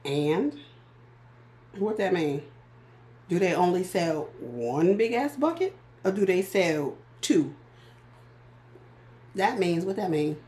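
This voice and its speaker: A woman speaking chats through a casual vlog. Her voice sits a little low, and she tells stories in an animated, profane way, peppered with asides. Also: slow, long pauses. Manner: chatty, profane, animated storytelling with laughs. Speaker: vlogger. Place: walking around.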